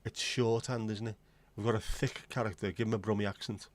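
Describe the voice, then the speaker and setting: A man's voice: fairly low pitch, fairly even intonation, brisk, dry recording. A man in his forties from England, chatting casually as a livestream host, opinionated and blunt, rambling from one aside to the next. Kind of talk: casual chat.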